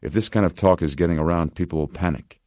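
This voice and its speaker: Narrator's take on a driven male doctor, urgent, very low voice. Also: a little mellow, dry recording, studio quality, natural voice. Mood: curt. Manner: quick, pressing questions.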